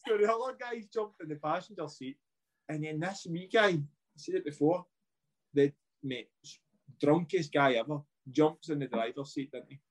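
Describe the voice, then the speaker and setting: A man in his thirties with a Scottish accent, a former footballer chatting as a podcast guest, telling stories in an animated way, swearing and acting out what people said. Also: fairly high pitch, normal speed. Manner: animated, laughing, swearing, acts out dialogue. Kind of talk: casual chat, storytelling.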